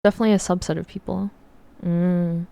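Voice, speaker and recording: A woman's voice: lowish voice, little pitch movement, brisk, vocal fry, mellow, clean tone, dry recording. An American woman streaming, chatting casually with viewers, curious and playful, often laughing. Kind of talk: casual chat with viewers while drawing.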